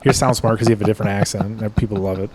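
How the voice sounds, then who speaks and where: A man's voice: on the low side, fairly even intonation, rapid-fire, a loud crowd. A man co-hosting a podcast in casual chat, often trailing off, blunt and profane. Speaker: podcast co-host.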